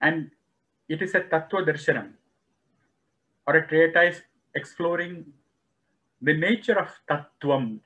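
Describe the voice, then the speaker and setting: Slow, measured male spiritual lecturer. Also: a little high, a bit bright, highs cut off. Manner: slow, measured, explains terms one by one; acts out quoted dialogue in the story. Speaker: lecturer on Vedic philosophy.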